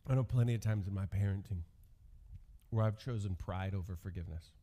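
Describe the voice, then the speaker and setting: A man's voice: low voice, brisk, warm tone. A male pastor in his thirties giving a sermon, telling stories from his youth with self-deprecating humor.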